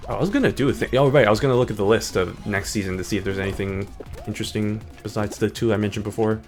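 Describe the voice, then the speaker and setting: A man's voice: on the low side, rapid-fire, soft background music. A man streaming a game, chatting in a hyper, rambling way that jumps between topics. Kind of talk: casual gaming stream chat.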